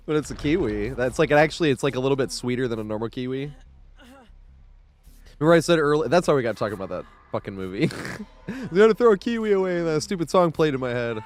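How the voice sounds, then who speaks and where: A man's voice: fairly high pitch, lively intonation, fairly quick, long pauses. A man in his thirties streaming a game live from home, chatting casually in a rambling way, laughing often and swearing freely.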